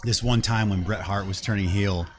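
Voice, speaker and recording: A middle-aged man hosting a casual talk show, relaxed, chatty and full of restarts and yeahs. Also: lowish voice, moderate pace, slight background noise. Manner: relaxed, repeats words and restarts often, frequent yeahs. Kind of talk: casual chat.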